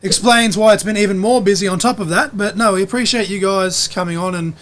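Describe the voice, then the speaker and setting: A man's voice: sits high, quick pace, a bit bright. Rambling Australian man hosting a podcast. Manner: rambling, repeats himself, swears casually. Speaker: podcast co-host. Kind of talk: casual chat. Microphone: podcast mic.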